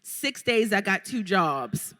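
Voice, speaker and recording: This is a woman in her thirties from Baltimore, a guest at a live interview, recounting her journey with lively, playful energy. She speaks directly to the audience. Her voice carries a long reverb from the event hall. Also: medium pitch, slow pace. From Baltimore, Maryland. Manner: animated, playful, talks straight to the audience. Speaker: guest entrepreneur. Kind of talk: live stage interview, storytelling.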